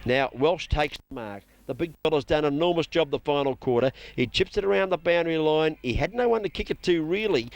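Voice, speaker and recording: An Australian man with a noticeably high voice calls local football in quick, excitable play-by-play. He rattles through every kick and tackle as it happens. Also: no room sound. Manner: excitable, rapid play-by-play calling. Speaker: play-by-play commentator.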